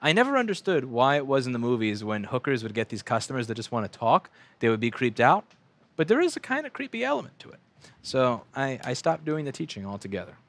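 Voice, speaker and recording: A man in his twenties from the United States, ranting profanely and rambling while working at a repair bench. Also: mid-range voice. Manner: profane, rambling, animated rants with mocking put-on voices. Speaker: repair shop owner streaming bench work. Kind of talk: casual ranting livestream.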